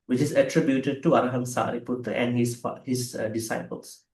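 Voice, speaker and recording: Sri monk teaching over a video call, room sounds echoey, talks slow with lots of uh's, chants pali fast. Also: male voice, medium pitch, fairly even intonation, darkish tone. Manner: explains slowly with fillers, chants Pali quickly. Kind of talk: online scripture class with blessings and chanting.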